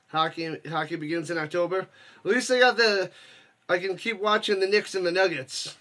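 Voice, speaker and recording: A man with a fairly high voice hosts a live watch party stream, mixing casual play-by-play with chat. He talks loosely and jokes around, and his voice jumps up when a big play happens. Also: a bit bright. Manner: loose, jokey, reads chat, bursts up for plays.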